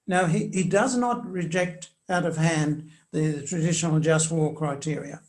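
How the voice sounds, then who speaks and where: An older man answering interview questions in a measured, hesitant way with many fillers, reading quoted passages aloud with emphasis. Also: a little high. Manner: reads quotations aloud with emphasis. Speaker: commentator on church social teaching.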